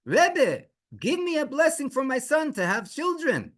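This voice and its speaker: A man voicing an older father who pleads tearfully with his rabbi, his voice strained and pushed high. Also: very animated, a little slow, fairly bright tone, full character voice. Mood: pleading.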